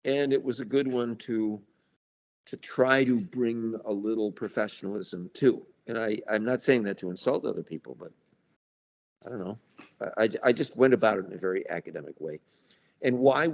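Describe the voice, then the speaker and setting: Speaking at a normal speed, this man has a mid-range, gravelly voice that's a little mellow, with lively intonation. He's an American author and paranormal researcher in a casual interview, telling wry stories and acting out party chatter.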